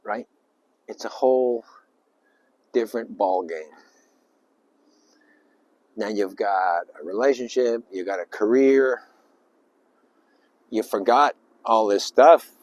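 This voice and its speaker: A man giving an informal spiritual talk, rambling and emphatic, with sudden loud bursts and little acted-out voices. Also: fairly low pitch, slow, pauses often, dry recording. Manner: acts out little voices and sounds. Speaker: spiritual speaker.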